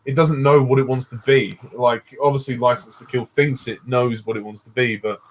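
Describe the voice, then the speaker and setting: A man's voice: medium pitch, steady tone, moderate pace, a little hiss or hum. A man hosting a casual film discussion, agreeing briefly and often laughing. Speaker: channel host.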